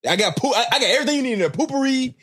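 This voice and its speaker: Male co-host, rapid rambling slang, slightly high voice, dry room. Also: lively intonation, pushed and bright, breathy edge, dry recording. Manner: rambling, slangy, laughs often. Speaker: podcast co-host. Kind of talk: casual chat.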